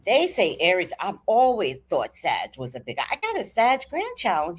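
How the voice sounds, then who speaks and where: An older woman hosting a casual stream, telling animated stories with laughter and blunt swearing. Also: fairly low pitch, unhurried, hardly any pauses, husky. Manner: animated, laughing, salty-tongued storyteller. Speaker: livestream host. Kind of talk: casual chat.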